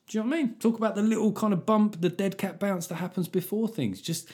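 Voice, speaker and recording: A British man with a high-pitched, fairly quick voice hosts a comedy podcast, reading out listener letters. He's casual, animated and jokey, swears freely and laughs often.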